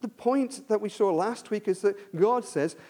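Guy preaching a sermon, pretty high voice, goes quiet then booms, lots of restarts. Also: measured pace. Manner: swings between hushed low questions and loud emphatic bursts; storytelling with frequent restarts.

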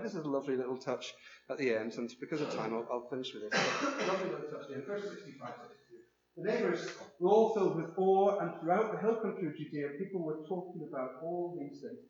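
A man preaching with animated emphasis, his voice sitting a little high. The sound is roomy and echoey. The recording is somewhat muffled. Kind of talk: sermon. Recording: echoey room, dull sound.

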